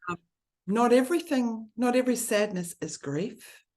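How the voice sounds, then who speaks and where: A woman's voice: on the high side, animated, moderate pace, darkish tone. A woman, speaking earnestly and from the heart in a conversation about grief. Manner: earnest and heartfelt, speeding up when listing.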